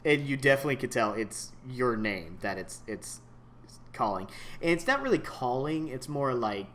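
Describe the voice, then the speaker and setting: A man narrating a tabletop game as game master, in a laid-back, halting way with lots of ums. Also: medium pitch, very animated, fairly bright tone, slight background noise.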